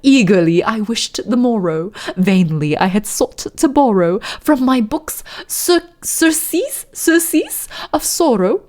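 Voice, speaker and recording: Woman doing a fake posh british lady reading a spooky poem, slow and dramatic, rolled r's, half whispered. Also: on the high side, animated, darkish tone. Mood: theatrical. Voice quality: slow, drawn-out delivery with rolled R's, dropping to near-whispers.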